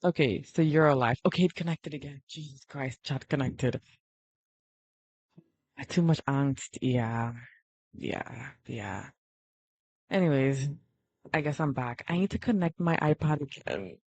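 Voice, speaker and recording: A woman's voice: rumbling low, animated, a little slow, long pauses, darkish tone, husky, dry recording. A young-sounding woman talks casually to her stream chat while she draws, swinging between rambling and exasperated outbursts. Her voice sits in a middle range. The sound is close and dry, a bit dull, like a cheap home mic. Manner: flustered, exasperated, self-deprecating. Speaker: art livestreamer.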